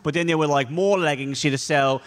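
A man's voice: on the high side, a little fast. A man playing a tabletop game live, rambling through a comic story. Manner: rambling, joking. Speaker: player. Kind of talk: comedic role-play banter.

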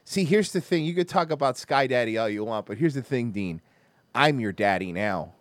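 A man's voice: on the low side, no room sound. Crude ranting male host. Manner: crude, mocking, explosive. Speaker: podcast host. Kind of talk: profane comedy rant.

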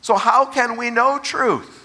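A man preaching a sermon as pastor, asking rhetorical questions and slowing down to stress key phrases. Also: very high-pitched, sharp tone.

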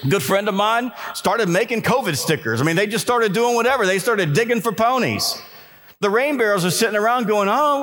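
Man, motivational keynote speaker, high lively voice, animated storytelling, long hall reverb. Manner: energetic storytelling with repeated restarts and emphatic exhortations. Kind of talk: motivational speech to a live audience. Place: conference hall before an audience.

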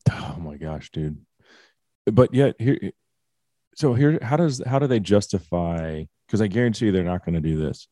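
A man's voice: low-pitched, expressive, moderate pace, warm tone, no echo, clean studio sound. A man in his forties ranting bluntly and with strong opinions in casual podcast chat. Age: 40s.

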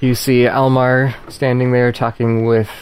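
A man runs a tabletop game as its game master. His voice sits at an ordinary middle pitch, and he describes scenes at a measured, even pace. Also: clean tone.

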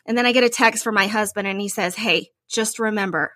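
A woman co-hosting a podcast, telling a story in a casual, animated way, peppered with "like" and playful bragging. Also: on the high side, fast talker, few pauses, dry recording. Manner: animated, lots of "like", playful self-praise. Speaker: podcast co-host.

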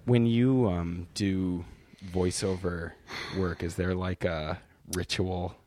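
A man's voice: sits low, fairly even intonation, slow, dark tone. A man hosting a podcast who asks curious, rambling questions in casual chat. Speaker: podcast host.

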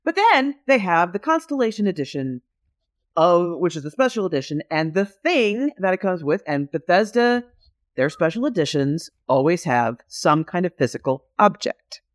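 A woman's voice: fairly low pitch, big pitch swings. Enthusiastic, rambling woman co-host. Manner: enthusiastic, rambling, quick to agree. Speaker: podcast co-host. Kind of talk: casual podcast chat.

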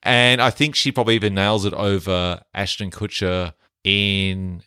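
Male podcast co-host, very deep voice, dry studio sound. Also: normal speed, clear, resonant tone, dry recording. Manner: relaxed, conversational, hands out mock awards. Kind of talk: casual film-review chat.

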